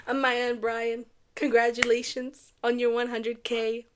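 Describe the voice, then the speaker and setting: A young woman from Canada recapping a reality dating show in a casual, animated way, gushing and repeating lines for effect. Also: on the high side, unhurried.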